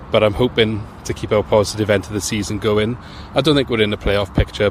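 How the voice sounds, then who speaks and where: A man guests on a football podcast, speaking in a low, measured voice that pauses and restarts as he thinks. Clear outdoor noise and passing traffic sit under his voice, as if he recorded outside. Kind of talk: casual football chat.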